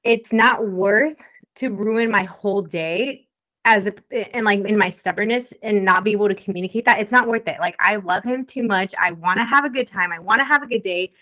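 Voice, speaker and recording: A woman's voice: mid-range voice, fast, hardly any pauses, bright, forceful tone. A young woman co-hosting a podcast, chatting casually and animatedly, laughing often and acting out quotes. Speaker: podcast co-host. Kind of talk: casual chat.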